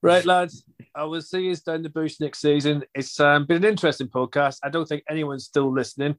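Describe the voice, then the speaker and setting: A man's voice: a little high, steady tone, brisk. A man hosting a football fan podcast, chatting casually with jokey, rambling banter. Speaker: podcast host. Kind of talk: casual chat.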